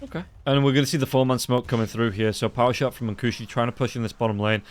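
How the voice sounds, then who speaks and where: A man casting an esports match with play-by-play commentary, his voice rising quickly as the fights heat up. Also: medium pitch. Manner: rapid, rising excitement during fights. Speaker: esports caster.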